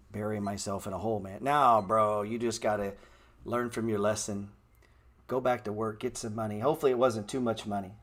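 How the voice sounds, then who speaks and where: A man hosting a live stock-trading stream, answering chat in blunt, slangy street talk and calling viewers bro. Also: fairly low pitch. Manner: repeats words playfully.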